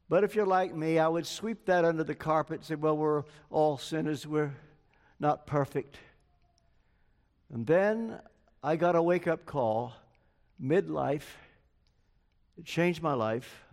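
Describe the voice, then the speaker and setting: An older man delivers a sermon at a slow, measured pace, earnest and personal. His voice sits somewhat high for a man. Long reverb from a large church hall hangs on each phrase. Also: gravelly, a little mellow. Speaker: preacher.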